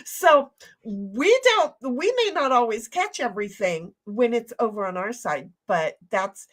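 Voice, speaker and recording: A woman's voice: on the high side, lively intonation, a little slow. A woman co-hosting a casual livestream chat, blunt, profane and playful. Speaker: stream co-host.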